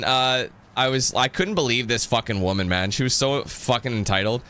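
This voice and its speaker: A man's voice: mid-range voice, normal speed, hardly any pauses, bright, forceful tone. A man giving casual gameplay commentary, rambling into a profane rant. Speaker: gameplay video creator.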